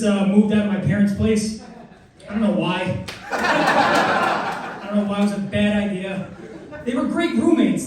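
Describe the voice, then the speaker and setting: Brief: twenties male comic, very high voice, rambling and crude, echoey club with laughing crowd. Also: recorded from a distance. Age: 20s. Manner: rambling, self-mocking, crude. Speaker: stand-up comedian. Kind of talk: stand-up comedy set. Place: comedy club stage. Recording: echoey club, mic heard from afar, crowd noise. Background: audience laughter.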